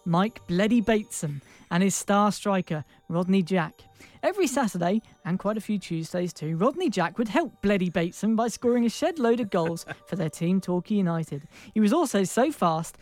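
A woman's voice: medium pitch, a little mellow. Woman reading a comic fairy tale. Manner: playful, laughing at own slips. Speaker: storyteller.

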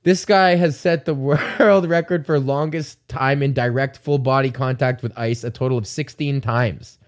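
A man's voice: mid-range voice, steady tone, normal speed. Rambling, profane male podcast host. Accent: Canadian. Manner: rambling, profane, joking, with many fillers. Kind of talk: casual solo rant.

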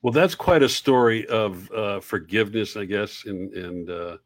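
A man hosting an interview, relaxed, with brief affirmations and follow-up questions. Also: fairly low pitch, normal speed, no room sound. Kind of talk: conversational interview.

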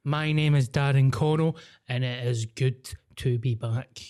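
A Scottish man hosting a podcast, his voice a bit croaky after illness, chatting in jokey, sweary banter. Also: mid-range voice, steady tone, measured pace, darkish tone. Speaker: podcast host. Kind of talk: casual chat.

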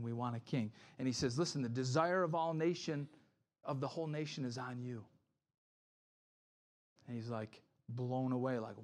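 Preaching in a conversational style, a male pastor with a medium-pitched voice performs the voices of people he quotes. He frequently checks in with "right?" and keeps starting sentences over.

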